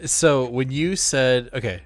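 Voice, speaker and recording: A man co-hosting a podcast, chiming in with quick agreement and teasing remarks. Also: mid-range voice, soft background music. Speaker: podcast co-host. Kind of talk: casual chat.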